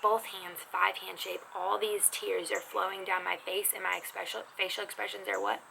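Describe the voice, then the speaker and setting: A woman teaching a casual video lesson on sign language, talking in an animated, expressive, chatty way. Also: mid-range voice, normal speed, gravelly. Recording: noisy background.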